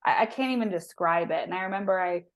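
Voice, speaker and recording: A woman's voice: lowish voice, fast, dull audio. A woman in her thirties, a guest on an interview show, telling a personal story in a chatty, emotional way with many restarts. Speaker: guest, holistic health practitioner.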